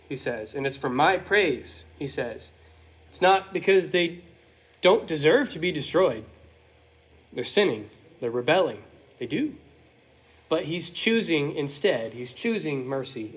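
A man preaching verse by verse, reading scripture aloud and then explaining it unhurriedly. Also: fairly high pitch. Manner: self-correcting slips while reading. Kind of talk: verse-by-verse Bible teaching.

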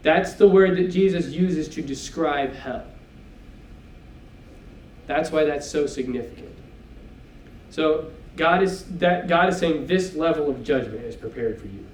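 A man's voice: fairly high pitch, unhurried, slight background noise. A man teaching a Bible class in church, talking it through in a conversational way and checking in with "okay?" asides. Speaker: preacher. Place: church hall. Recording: echoey room, mic at a distance.

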